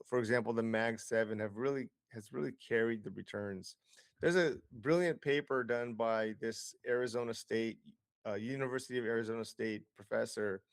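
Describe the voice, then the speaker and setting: A man's voice: medium pitch, no echo, clean studio sound. A man as an interview guest, explaining investing with lots of figures, fillers and restarts. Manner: explanatory, data-heavy, frequent fillers and restarts.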